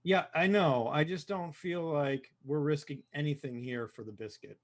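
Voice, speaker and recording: A man's voice: fairly high pitch, normal speed. A man co-hosting a live brewing stream, chatting casually and agreeably in short replies. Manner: easygoing, agreeable, brief replies. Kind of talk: casual chat.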